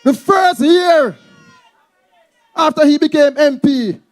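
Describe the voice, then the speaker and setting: A man's voice: very high-pitched, slow. A Jamaican man speaking at a campaign rally, rousing the crowd as comrades and introducing the candidate.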